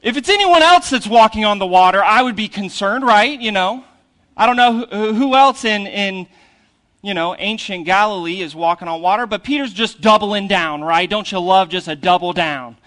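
A male pastor preaching a sermon in a conversational way, often checking in with "right?" and moving between loud, animated points and hushed retelling. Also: high voice, moderate pace. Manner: conversational, asks "right?" after most points.

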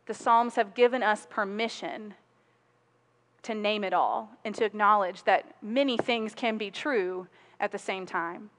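A woman's voice: mid-range voice, a little slow. A woman, preaching a sermon in a conversational storytelling way and laughing often. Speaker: pastor.

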